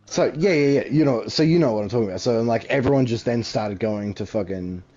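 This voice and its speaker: A man's voice: brisk, mellow. A young man swearing freely in casual chat while playing a game. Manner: crude, slangy, swears a lot. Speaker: gamer. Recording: dull low-fi home mic.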